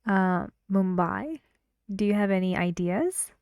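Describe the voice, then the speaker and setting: A woman leads a pronunciation lesson, speaking slowly and sounding each phrase out so learners can copy it. Her voice sits at a middle pitch, and the recording is dry with no room sound. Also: lively intonation, a little mellow, dry recording. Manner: slow, repeats words to model stress and intonation. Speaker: English pronunciation teacher.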